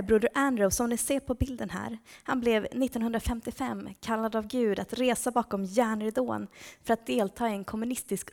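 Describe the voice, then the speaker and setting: A woman's voice: on the high side, vocal fry, a little mellow. Woman speaking at a church service. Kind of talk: church talk.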